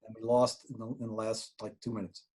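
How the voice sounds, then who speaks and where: Older male ex-player, husky, halting and trailing off. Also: lowish voice, little pitch movement. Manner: halting, many restarts, trailing off quietly. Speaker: former college lacrosse player. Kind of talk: casual reminiscing.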